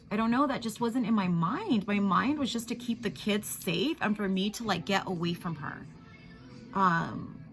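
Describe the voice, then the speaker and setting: A woman's voice: medium pitch, a bit bright. A woman in her thirties vlogging at home, venting in a rambling, upset way with lots of "like" and "you guys" fillers. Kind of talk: casual chat to camera.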